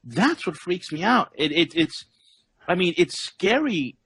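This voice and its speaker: An intense male interviewer with a husky edge, stammering over his repeated words. His voice sits a little high, and the recording is dry with no room sound. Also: big pitch swings, measured pace, a bit bright, no echo. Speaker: interview host. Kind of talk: interview conversation.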